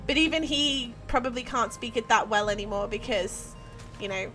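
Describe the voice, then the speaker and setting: A woman's voice: a little high, normal speed, bright, forceful tone. An Australian woman chatting casually while she live-streams herself building in a game, giggling and playful, laughing often. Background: faint background music.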